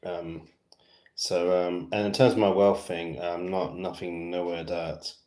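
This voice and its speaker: A man's voice: low-pitched, little pitch movement, measured pace, warm tone, echoey room. A man from West London with a British accent, chatting casually to fans on his livestream, rambling with lots of fillers. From West London, England. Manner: rambling and chatty, heavy fillers, self-amused.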